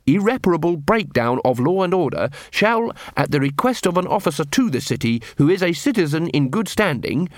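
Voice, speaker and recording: A man's voice: on the high side, sing-song, a little fast, few pauses, no echo, pitched above the performer's own voice. A man voicing an earnest, polite young watch corporal who speaks formally and by the book, in an audiobook reading.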